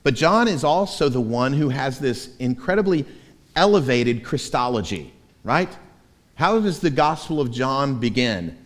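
A man's voice: medium pitch, big pitch swings, measured pace. A man preaching as pastor, telling stories in a self-mocking, emphatic way. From Florida. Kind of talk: sermon. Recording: echoey church hall.

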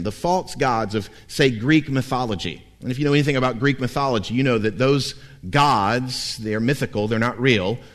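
A man delivering a sermon as a pastor, his voice sitting at an ordinary middle pitch. He preaches with lively animation and a wry, humorous edge.

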